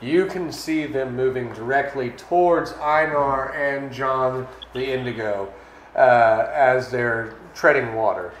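Man, game master, tabletop narration, vivid, middle pitch, echoey room. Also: slow. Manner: vivid descriptive narration with fillers. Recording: echoey room, faint noise.

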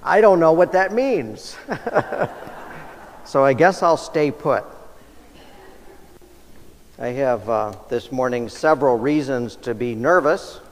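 A man preaching a sermon in a church, conversational and self-deprecating with light humor. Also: mid-range voice. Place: church sanctuary. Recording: long church reverb.

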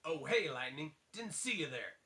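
Man reading as a sneering rival race car, taunting, lively pitch. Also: moderate pace.

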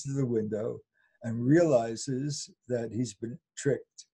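An older man with a mellow, slightly husky voice tells a folk tale as an interview guest. He chuckles often and briefly acts out the characters' lines as he goes. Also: medium pitch, slow pace. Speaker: fairy tale scholar guest. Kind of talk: animated storytelling in interview.

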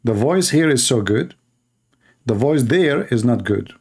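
A man's voice: medium pitch, animated, a little slow, a little mellow, slightly rough. A man hosting a live stream, mocking and sarcastic, in broken English. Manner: sarcastic, mocking, non-native English grammar. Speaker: debate stream host.

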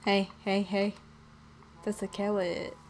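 Slow-talking playful young woman gamer. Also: medium pitch, little pitch movement, a little hiss or hum. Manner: chatty and playful, talking to animals. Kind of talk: casual game commentary.

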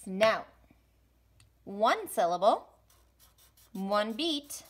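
A woman teaching a music lesson to young children online, speaking slowly and encouragingly with sing-song rhythm drills. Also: medium pitch, very animated, slight background noise. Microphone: home recording for an online class.

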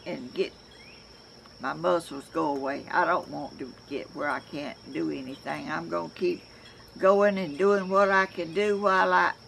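Outside at home, an older Southern-accented woman from Georgia chats casually to camera as a crafts vlogger, rambling warmly and often restarting sentences. Her lowish voice has vocal fry and a somewhat bright quality, with a little hiss or hum underneath.

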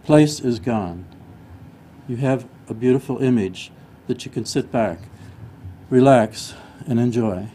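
A man winds up his speech with slow, soothing words. His voice is mellow and warm. Faint room noise sits behind him. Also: medium pitch. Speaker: club speaker. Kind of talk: closing a speech.

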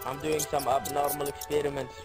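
A man roleplaying a school professor in a game, speaking in a slow, matter-of-fact teacherly way. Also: fairly high pitch, flat delivery, over loud music.

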